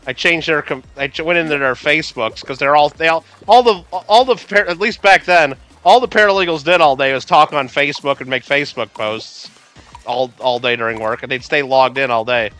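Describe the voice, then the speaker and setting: Hosting a laid-back game livestream, this man speaks a bit quickly in a high-leaning, bright and forceful voice over soft background music. He chats in a rambling way, calling out viewers by name as he replies.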